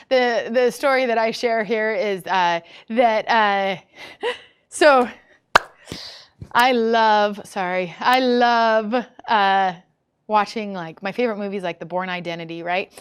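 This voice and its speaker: A woman teaching a hosting lesson in a casual, animated storytelling way, chatty and full of fillers and restarts. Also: on the high side. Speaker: instructor teaching short-term rental hosting.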